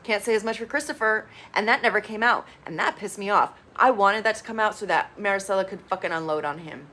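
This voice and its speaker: A woman recapping a reality show in a casual, blunt and expressive way, swearing freely. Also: medium pitch, fast. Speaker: TV reviewer.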